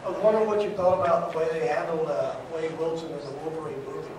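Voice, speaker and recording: A man in the audience quickly asking a question from the floor. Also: fairly high pitch, fairly even intonation, a crowd in the background. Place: large convention hall. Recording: distant voice in echoey crowded hall.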